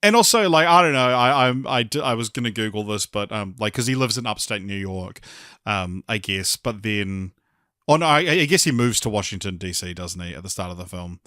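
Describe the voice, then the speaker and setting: A man's voice: on the low side, animated, a little fast, bright, forceful tone, dry recording, clean studio sound. A man co-hosting a film podcast, chatting casually and rambling with lots of fillers and restarts. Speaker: podcast co-host. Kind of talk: casual film review chat.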